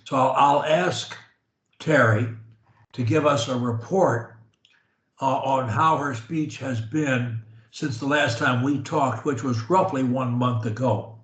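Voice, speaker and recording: Slow-talking male speech coach, roomy. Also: mid-range voice. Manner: slow, drawn-out speech that holds a steady tone. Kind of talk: coaching conversation.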